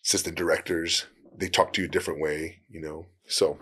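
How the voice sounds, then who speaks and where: A man with a very deep, low-pitched voice talks in a relaxed interview. He hands out career tips in an easygoing way, often laughing and slipping into quick acted-out exchanges. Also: breathy edge. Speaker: actor, podcast guest. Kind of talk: casual interview advice.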